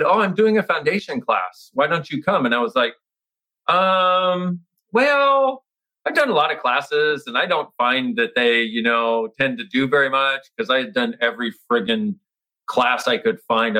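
A man's voice: mid-range voice, sharp tone, poor audio. A middle-aged man telling a personal story in conversation, acting out his past self with exclamations and restarting his sentences often. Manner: frequent restarts and filler words. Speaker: interview guest.

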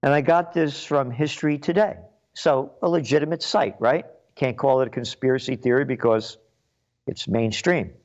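A man's voice: medium pitch, normal speed. A man from the Bronx, giving a sarcastic, indignant solo commentary and reading aloud with emphatic asides. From the Bronx, New York. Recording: muffled lo-fi recording.

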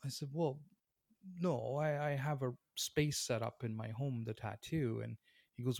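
A man telling a story about his career as a tattoo artist in a relaxed, conversational way. He acts out the other people in the story and laughs often. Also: mid-range voice, unhurried, gravelly, dry recording, studio quality. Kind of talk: casual storytelling.

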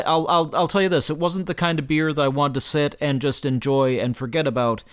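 A man's voice: mid-range voice, clean tone. A man giving a casual spoken beer review, stumbling through restarts and fillers as he searches for words. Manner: halting, many restarts and fillers.

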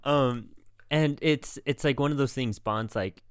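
A man's voice: medium pitch, a little slow, clear, resonant tone, no echo, studio quality. A man co-hosting a podcast in a casual chat, rambling with lots of fillers. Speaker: podcast co-host.

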